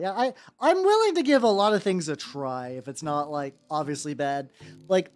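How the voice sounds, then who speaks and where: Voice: mid-range voice, expressive, normal speed. A miniature painting streamer chatting casually on a live stream, rambling with many fillers and self-restarts. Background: faint background music.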